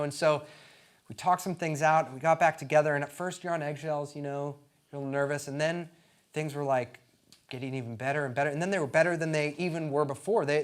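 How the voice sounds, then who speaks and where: Man telling a stand-up story on stage. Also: fairly high pitch. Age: 30s. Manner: acts out both sides of conversations, swings from hushed to shouting. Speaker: stand-up comedian. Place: comedy club stage with a laughing audience.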